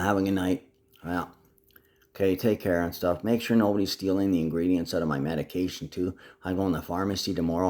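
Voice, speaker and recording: A man with a very low voice rambles through a video message to his family. He sounds agitated and swears freely as he hops from topic to topic. Now and then he slides into a put-on Aussie twang. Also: a little mellow. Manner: profane, agitated, jumps between topics; slips in and out of a mock Aussie twang.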